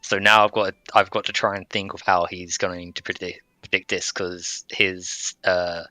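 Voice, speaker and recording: A man's voice: low-pitched, level tone, normal speed, sharp tone, no room sound. A man who manages a team, chatting on a stream and explaining his plans hesitantly, with restarts. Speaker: team general manager, guest. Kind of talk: casual chat.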